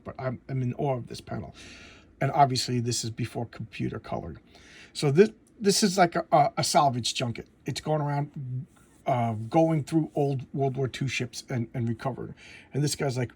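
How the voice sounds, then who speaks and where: Gravelly-voiced man rambling about comics. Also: mid-range voice, a little fast, darkish tone. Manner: enthusiastic, rambling, with frequent restarts and repeated words. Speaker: comic book collector and reviewer. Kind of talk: casual comic review vlog.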